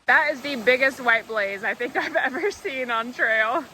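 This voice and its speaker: A woman talking to her camera as she walks a rainy mountain trail, in a slightly high, chatty and upbeat voice. She laughs easily and keeps a casual tone. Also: moderate pace, sharp tone, slight background noise. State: walking on trail. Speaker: hiking vlogger. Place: outdoors on a mountain hiking trail in the rain.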